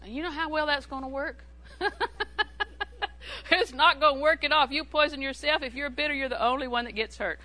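A woman's voice: high-pitched, a little fast, pushed and bright, rough recording. A woman preaching a sermon in a humorous, conversational way, repeating phrases for emphasis.

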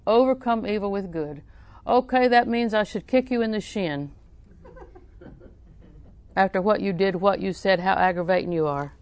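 A woman delivers a sermon in a mid-pitched voice recorded with a dry, close sound. She tells folksy stories, laughs often, and drives points home by repeating scripture lines. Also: moderate pace, few pauses, darkish tone, clean tone, dry recording. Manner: folksy storytelling with frequent laughs; emphatic repetition of scripture. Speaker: preacher.

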